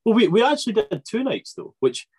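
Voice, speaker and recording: Young man, husky voice, lively pitch, joking podcast host. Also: a little fast. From Scotland. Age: 20s. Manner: joking, teasing. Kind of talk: casual chat.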